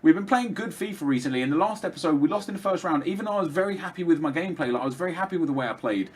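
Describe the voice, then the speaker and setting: A man's voice: on the high side, lively intonation, very fast, husky. A young man rambling through casual commentary over his own gameplay, chatty, with lots of fillers and restarts. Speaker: gaming commentator.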